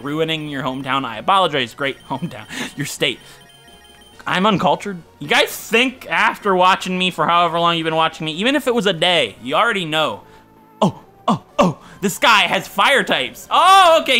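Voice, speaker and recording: A young Ohio man, a let's-play gamer, jokes around casually with his viewers while playing a video game. His voice sits high and sounds pushed and bright, with faint game music behind him.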